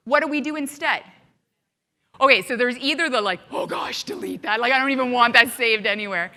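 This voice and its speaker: In a large hall, a woman with a high voice delivers a motivational keynote to a live audience. She's animated and keeps tossing rhetorical questions out to the room.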